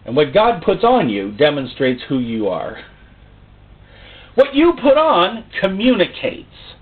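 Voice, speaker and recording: A man preaching a sermon, theatrical, full of rhetorical questions. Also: high-pitched. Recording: tinny phone-like sound.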